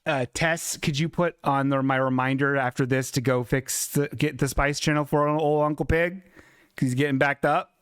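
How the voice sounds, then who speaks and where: A man's voice: medium pitch, steady tone, moderate pace, fairly bright tone, smooth, dry recording, studio quality. A man hosting a comedic live-stream show who talks in a rambling, flustered, jokey way. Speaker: host.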